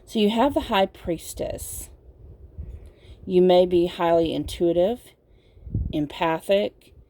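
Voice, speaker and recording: A woman gives a casual pick-a-card tarot reading in a drowsy, unhurried way. Her fairly low voice has a gravelly edge, and she meanders through her points with plenty of fillers. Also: warm tone, slight background noise. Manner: slow, meandering, with many fillers and laughs. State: sleepy, yawning. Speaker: tarot reader.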